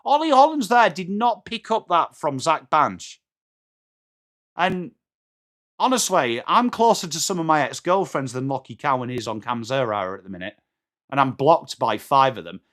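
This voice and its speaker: A man with an English accent doing live, excitable football commentary for a watchalong, joking and swearing and shouting at big moments. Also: on the high side, moderate pace.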